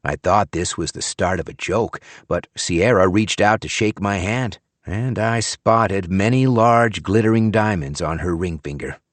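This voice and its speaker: A man narrating a first-person audiobook thriller in a wry, expressive manner on a close studio mic. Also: low-pitched, a little slow, few pauses, dry recording.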